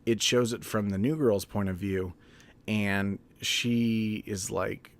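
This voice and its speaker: Male reviewer, lowish voice, relaxed and chatty, quick to laugh, casual swearing. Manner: loose and chatty, laughs often, swears freely. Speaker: TV episode reviewer. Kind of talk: casual spoken review recap.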